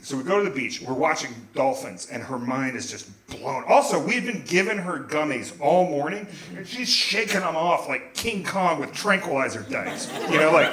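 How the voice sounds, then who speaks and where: A man telling a profane, animated comic story live on a small theater stage into a stage mic, rambling with restarts. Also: fairly high pitch, normal speed, few pauses. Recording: echoey theater room.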